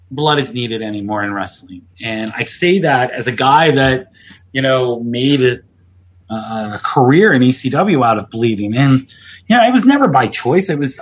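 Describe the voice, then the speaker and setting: A man hosting a casual podcast, his husky voice recorded a little dull. He rambles through his stories with restarts and pokes fun at himself. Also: a little high. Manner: rambling, self-deprecating, frequent restarts. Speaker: podcast host, pro wrestler. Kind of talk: casual chat.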